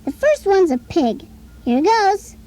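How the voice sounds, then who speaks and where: A chirpy little boy toy pal on a children's play-along tape, with a very high voice that bounces all over. He talks slowly and carefully, coaxing the listener along with friendly questions. Soft music plays faintly underneath. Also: very animated, full character voice. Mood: cheerful. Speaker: talking toy companion.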